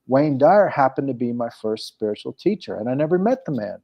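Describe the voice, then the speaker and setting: A man's voice: mid-range voice, big pitch swings, fairly quick, gravelly, dull audio. A man as an interview guest, telling a story in casual conversation, rambling with frequent restarts. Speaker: guest, coach and program founder.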